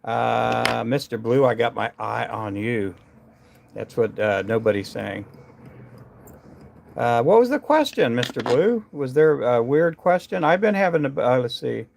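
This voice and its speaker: A man with a gravelly, creaky voice talks to viewers on his live stream. He rambles from thought to thought with lots of fillers and false starts as he works at his tying bench indoors. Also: mid-range voice, expressive, unhurried, a little mellow, slight background noise. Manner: rambling, chatty, many fillers and restarts. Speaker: livestream host tying fishing jigs.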